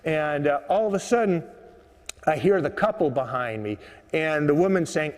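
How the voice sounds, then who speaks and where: A man's voice: on the high side, moderate pace. A man telling a rambling story with lots of fillers, standing on a subway platform. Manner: rambling, many uh fillers, relaxed. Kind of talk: live storytelling monologue. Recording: echoey underground platform.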